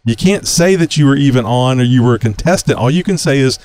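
A man's voice: medium pitch, expressive, quick pace, darkish tone. A man hosting a podcast, chatting casually over a video call, rambling with lots of fillers and restarts and laughing often. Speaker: podcast host.

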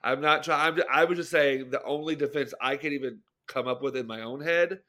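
Man, mid pitch, bright tone, hedging, self-questioning, casual podcast chat. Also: fairly quick. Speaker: podcast co-host.

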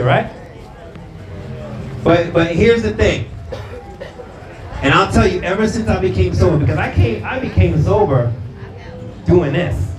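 A man's voice: high voice, noisy background. Middle-aged male pastor preaching, roomy. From Brooklyn. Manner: street-slang storytelling, repeats words, calls out to audience. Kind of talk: conversational sermon. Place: church hall with live audience. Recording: roomy, from a distance, crowd audible.

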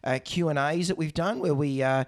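A man co-hosting a casual vet podcast, joking and often repeating himself as he talks. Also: on the high side. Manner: rapid, jokey, repeats words and restarts. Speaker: veterinarian podcast co-host. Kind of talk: casual chat.

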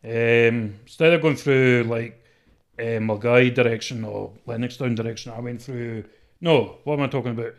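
A Scottish man with a deep, strong voice, talking shyly and hesitantly as an interview guest, with many fillers. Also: normal speed. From Scotland. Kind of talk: casual interview.

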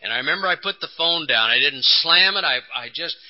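Recorded on dull, lo-fi 1980s tape, this conference speaker is an older man from Texas, USA recounting his recovery earnestly and emotionally while acting out conversations. His voice is fairly high and expressive, and he talks a little fast.

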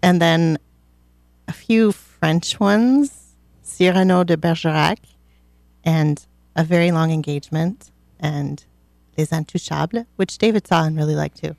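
A woman in a casual group chat, answering in a calm, measured way. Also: low-pitched, gravelly, dry recording. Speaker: panel guest.

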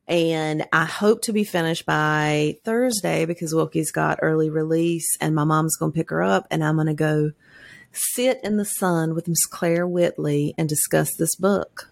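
A woman's voice: deep voice, steady tone, measured pace, creaky, no room sound. A woman co-hosting a podcast in casual chat, telling stories bluntly and animatedly, swearing freely. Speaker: podcast co-host.

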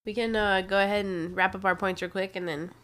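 A woman's voice: medium pitch, steady tone, brisk, fairly bright tone, slight background noise. A young woman co-hosting a casual debate podcast, chatty and repeating herself when interrupted.

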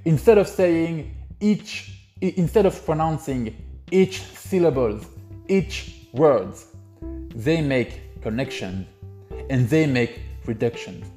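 Slow-talking man teaching his language. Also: fairly high pitch, expressive, warm tone, faint music behind. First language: French. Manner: explanatory, hesitant with frequent uh and um. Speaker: French teacher, podcast host. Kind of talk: podcast language lesson.

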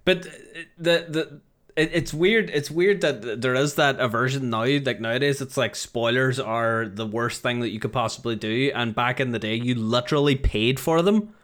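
A man co-hosting a podcast, telling stories in a wry, animated way. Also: mid-range voice, normal speed. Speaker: podcast co-host. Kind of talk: casual chat.

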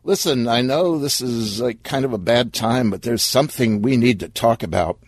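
A man's voice: medium pitch, moderate pace, husky, no room sound, natural voice. A man voicing a laid-back young gamer in an audio story, casual and offhand.

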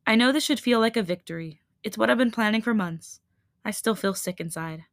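A woman reading a tired but firm young male hybrid leader in a calm, steady voice. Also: a little high, brisk, creaky, no echo, studio quality. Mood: weary.

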